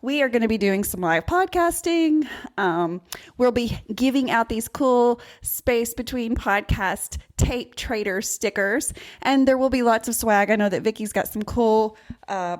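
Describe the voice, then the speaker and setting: A chatty woman with a Southern accent hosts a casual podcast conversation. She laughs often and keeps the talk upbeat, her voice sitting at a middle pitch. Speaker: podcast host.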